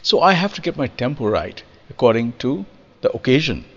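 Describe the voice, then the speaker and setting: A man's voice: medium pitch, brisk. Man, music lesson on rhythm, demonstrative, recites verse, studio, dull lo-fi sound, lingering reverb. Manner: lively, demonstrative, acts out examples and recites verse. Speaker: percussionist explaining rhythm. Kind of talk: spoken music lesson to camera.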